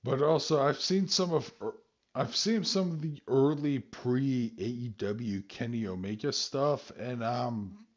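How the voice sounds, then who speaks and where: A man hosting a podcast in casual chat, animated and swearing freely. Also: mid-range voice, takes it slowly. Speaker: podcast host. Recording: dull lo-fi sound.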